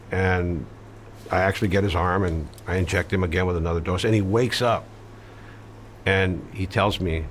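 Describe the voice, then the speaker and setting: A man's voice: deep voice, fairly quick, slight background noise. A man telling a story in an interview, blunt and matter-of-fact, with casual swearing and many fillers. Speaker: interview guest recounting his past. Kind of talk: conversational storytelling.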